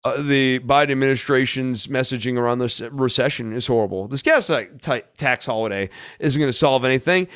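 Blunt, sarcastic male podcast host. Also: medium pitch. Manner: blunt, sarcastic, thinking aloud with many fillers. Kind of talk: solo political commentary.

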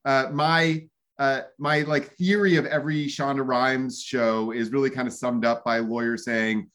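Halting man chatting about a show. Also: medium pitch, fairly bright tone. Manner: halting, many fillers and restarts. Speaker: podcast host. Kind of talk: casual review chat.

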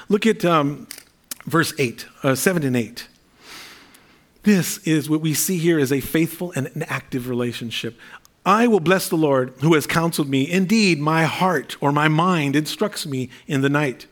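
A middle-aged male pastor preaching a sermon in an earnest, conversational way, with fillers and repeated phrases. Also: on the high side.

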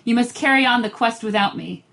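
A woman's voice: fairly high pitch, fairly quick, creaky, a bit bright. A woman reading as a despairing little horse. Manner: hopeless, pleading. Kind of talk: read-aloud storybook dialogue.

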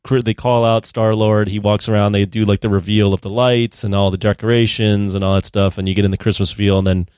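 A man's voice: on the low side, little pitch movement, a little fast, few pauses, darkish tone, clean tone, no echo, clean studio sound. A man co-hosting a podcast, recapping scenes in conversational chat with filler words. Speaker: podcast co-host. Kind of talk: casual chat.

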